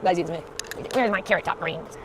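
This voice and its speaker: A woman's voice: lowish voice, fairly quick, background noise. A woman vlogger chatting casually to camera, rambling with lots of fillers. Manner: rambling, full of fillers and restarts.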